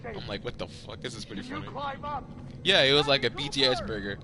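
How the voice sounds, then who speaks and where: A man hosting a podcast, telling a story in casual, animated talk, swearing a lot and repeating himself. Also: medium pitch, brisk. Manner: animated, profane storytelling with frequent repetitions. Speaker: podcast host. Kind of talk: casual chat.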